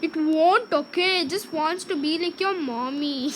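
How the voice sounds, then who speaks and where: A young female host chatting while playing a game with a friend, excitable and goofy. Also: sits high, measured pace, noisy background. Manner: excitable, goofy, shrieks when losing. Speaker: gaming channel host.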